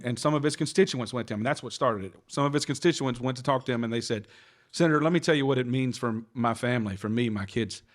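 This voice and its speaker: A male state legislator speaking earnestly on a panel, telling stories to argue his case. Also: mid-range voice. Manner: fast, earnest storytelling. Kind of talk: panel discussion.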